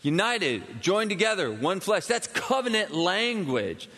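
A male pastor delivering an animated sermon in a large church space, the sound trailing off into a long reverb. His voice sits a bit high for a man. He acts out the voices he quotes. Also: a little slow.

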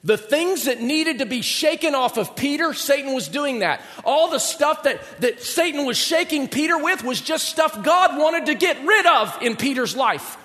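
High-voiced preaching man in a reverberant hall. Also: normal speed, few pauses. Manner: animated, dramatic, joking asides. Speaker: pastor. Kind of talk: sermon.

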